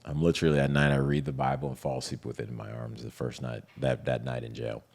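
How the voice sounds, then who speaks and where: A man's voice: a bass voice, fast talker, creaky. A man in a casual interview, telling his story animatedly and acting out what others said. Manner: animated, retells scenes with quoted voices. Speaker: interview guest.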